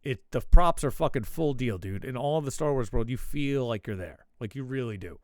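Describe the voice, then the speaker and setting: A man's voice: medium pitch, lively intonation, a little fast, darkish tone, no room sound. A man hosting his own show, telling a rambling, profane story in casual chat. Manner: swears a lot, rambling asides. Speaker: show host.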